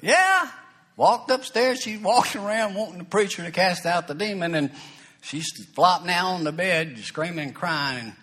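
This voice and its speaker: Folksy preacher, slightly high voice. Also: male voice, moderate pace, fairly bright tone. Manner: folksy, conversational, breaks into acted quotes and asides. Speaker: pastor. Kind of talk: sermon with personal storytelling.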